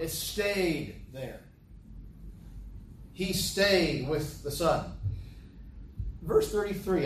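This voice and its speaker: A man's voice: fairly high pitch, expressive, takes it slowly, a little hiss or hum. A man preaching a sermon, reading scripture aloud and repeating key phrases for emphasis. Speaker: pastor. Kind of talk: sermon, Bible teaching. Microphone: camera from a distance. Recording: echoey hall, voice from a distance.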